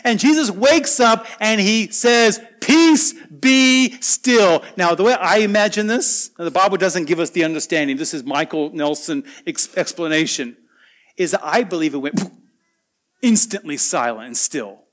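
A man preaching a sermon, earnest and conversational, swinging between loud emphatic lines and quiet soft asides. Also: high-pitched, animated, moderate pace.

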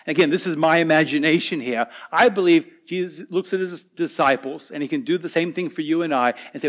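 A man preaching a sermon, earnest and conversational, swinging between loud emphatic lines and quiet soft asides. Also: on the high side, fairly quick, hardly any pauses.

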